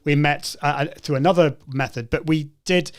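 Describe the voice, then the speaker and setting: A man's voice: a little high, fairly even intonation, normal speed. Chatty male live-show host. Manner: friendly, chatty, reads viewer comments. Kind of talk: casual live-stream chat.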